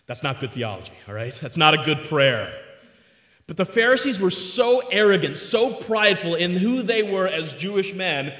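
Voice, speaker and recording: Guy preaching a sermon, bright sharp voice, kinda high, big echoey church hall. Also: normal speed. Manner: expressive, swings between hushed and emphatic. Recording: echoey hall with long reverb.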